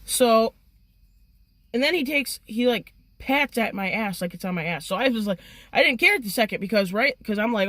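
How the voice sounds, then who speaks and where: Excitable, foul-mouthed woman telling a story. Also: a little high, moderate pace, no room sound. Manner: profane and excitable. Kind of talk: casual storytelling.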